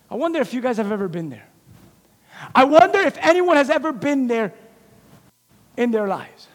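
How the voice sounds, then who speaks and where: A man's voice: extremely high pitch, sing-song, moderate pace, long pauses. A middle-aged man pastor preaching a sermon, calling out to the congregation and acting out dialogue between characters. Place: church sanctuary. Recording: long hall reverb.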